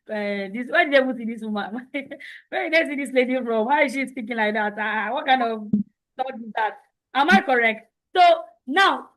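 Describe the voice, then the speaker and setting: A high-voiced woman leads an online session for teenagers. She speaks loudly and boldly, with a confident coach's delivery that pushes each point home. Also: rough recording. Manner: loud, bold and confident. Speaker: teen identity coach. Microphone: online meeting.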